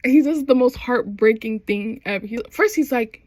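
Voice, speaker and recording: A woman's voice: fairly high pitch, normal speed, a little mellow, no room sound. A young adult woman in casual chat, recapping a TV show with slangy phrasing and frequent laughs. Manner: chatty, slangy, laughs often while recapping. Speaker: vlogger.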